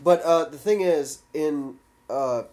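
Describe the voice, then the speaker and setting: Halting young guy. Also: a little high, a little mellow. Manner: halting, hesitant phrasing. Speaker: podcast co-host. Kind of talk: casual chat.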